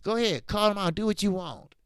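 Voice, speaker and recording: His voice sits high and smooth, moving a little fast, in a dry, studio-quality recording. As host of a relaxed boxing commentary livestream, he talks animatedly and emphatically, with slang creeping in.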